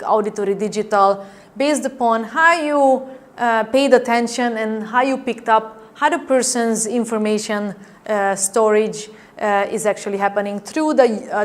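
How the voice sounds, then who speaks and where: A woman teaching a training class, explaining her points with demonstrations and often asking her listeners "right?". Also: medium pitch. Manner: demonstrative, acts out tone changes and asks the class "right?". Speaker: NLP trainer. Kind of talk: classroom lecture.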